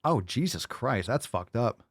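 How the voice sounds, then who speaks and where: A man's voice: medium pitch, lively intonation, a little slow, dry recording, studio quality. A middle-aged man hosting a fitness show, reading viewer comments in a blunt, profane, mocking way. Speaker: fitness podcast host. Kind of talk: livestream chat reading comments.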